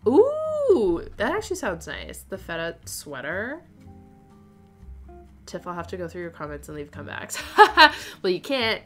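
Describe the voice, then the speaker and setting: A woman's voice: fairly low pitch, gravelly, a bit bright. A woman hosting a casual knitting livestream, chatting and reading viewer comments aloud with frequent laughter. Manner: chatty, laughs often, reads chat aloud.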